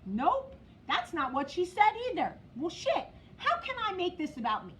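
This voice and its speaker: A woman's voice: very high-pitched, wildly swooping pitch, normal speed, a bit bright, a little hiss or hum, rough recording. A middle-aged woman with a New Jersey accent hosting a casual live stream, blunt and profane, talking straight to commenters by name. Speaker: vlog host.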